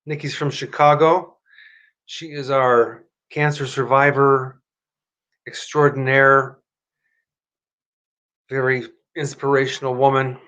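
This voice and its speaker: A man hosting a live stream at his computer. He talks in a rambling, chatty way, corrects himself often, and shifts into a motivational pitch. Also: fairly bright tone. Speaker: host of a live stream show. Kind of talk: casual live-stream talk and self-help pitch.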